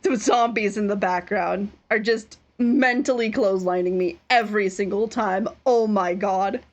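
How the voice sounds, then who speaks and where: A woman's voice: mid-range voice, fairly even intonation, normal speed. A woman streaming a game, joking about and reading out cutscene lines in a casual, playful manner. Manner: playful, reads cutscene lines aloud and jokes about them. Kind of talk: casual gaming stream commentary.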